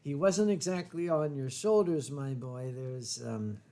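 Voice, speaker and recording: A middle-aged man hosts a loose drinking chat. He rambles and swears, trailing off into fillers and restarting his sentences, at a middle pitch. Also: unhurried, dark tone. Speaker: host. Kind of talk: casual drunken chat.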